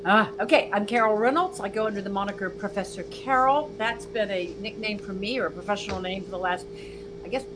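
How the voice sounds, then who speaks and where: A woman in her sixties from Virginia, a music historian interviewed as a guest, telling her story in a lively conversational way and acting out the voices of people she quotes. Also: mid-range voice, a little fast, noisy background. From Virginia, USA. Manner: animated storyteller who acts out quoted dialogue.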